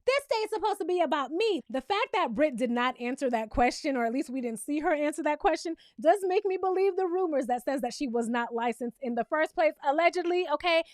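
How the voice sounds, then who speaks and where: A woman giving a sassy, animated spoken review of a reality TV episode, talking straight to her viewers and acting out the cast's lines. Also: sits high, dry recording, studio quality. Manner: acts out cast members' lines in quotes. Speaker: reality TV recap host.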